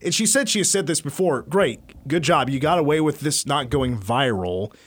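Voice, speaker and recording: A man's voice: fairly high pitch, normal speed, no room sound. A man hosting a sports talk show, casually retelling sports stories. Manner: storytelling, animated retelling. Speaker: sports radio host.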